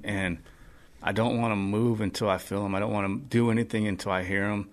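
Earnest low-voiced man. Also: fairly even intonation, a little fast. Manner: earnest, rambling with many fillers. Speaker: podcast guest. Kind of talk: casual testimony chat.

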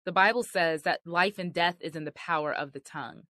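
A woman's voice: on the low side, fairly quick, bright, forceful tone, dry recording. A woman host giving sermon-style marriage teaching, earnest and emphatic in a conversational way.

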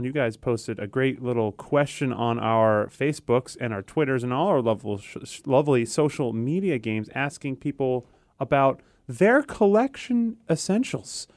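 A man's voice: mid-range voice, dry recording. Podcast host, man, jokey and playful, dry studio sound. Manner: jokey, laughs often. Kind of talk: casual chat.

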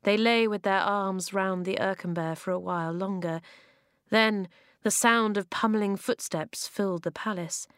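Expressive woman reading a children's story. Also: normal speed, no room sound, studio quality. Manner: expressive, acts out dialogue with sharp jumps in pitch and volume. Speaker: narrator. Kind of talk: reading a children's novel aloud.

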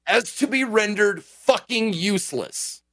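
A man with a fairly high voice rants about a game in a casual podcast chat. His pitch leaps and dips all over as he gets worked up, and he swears freely throughout. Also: a little slow, no echo. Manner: animated ranting, frequent swearing. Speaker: game streamer.

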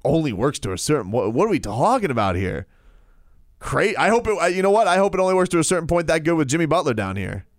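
A man co-hosting a casual sports radio show, riffing and joking in rambling, animated banter. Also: fairly high pitch, fast talker, no echo, clean studio sound.

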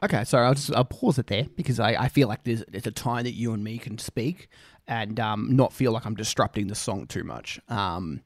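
A man's voice: lowish voice, a little fast. An Australian man hosting a casual music reaction, rambling, swearing freely and joking at his own expense. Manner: rambling, swears freely, self-deprecating jokes.

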